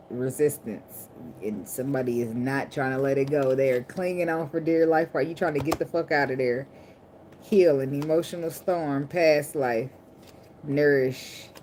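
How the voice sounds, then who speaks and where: Low-voiced, blunt, profane woman tarot reader. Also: warm tone. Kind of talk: casual tarot reading to camera. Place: indoors at night under a ring light. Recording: clear background noise of clicks and shuffling cards.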